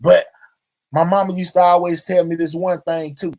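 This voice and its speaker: A man's voice: fairly high pitch, little pitch movement, normal speed, a little mellow. A man hosting his own channel, speaking openly and reflectively to his viewers and filling his talk with constant verbal tics. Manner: drawling, fills nearly every line with "you know what I'm saying". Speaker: channel host. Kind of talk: heartfelt personal monologue to viewers.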